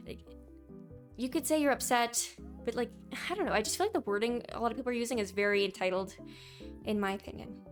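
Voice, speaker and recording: A young woman giving her opinions in a casual commentary vlog, opinionated and quick to mock what commenters say. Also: on the high side, expressive, faint music behind. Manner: opinionated, reads out viewer comments in mocking voices. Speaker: gaming YouTuber.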